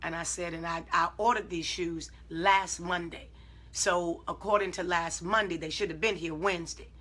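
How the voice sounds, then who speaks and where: Bright, husky-voiced woman preaching. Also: fairly low pitch. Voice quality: emphatic storytelling, acting out her own side of conversations. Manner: swings from calm self-talk to loud, drawn-out exclamations. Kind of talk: informal preaching to online viewers.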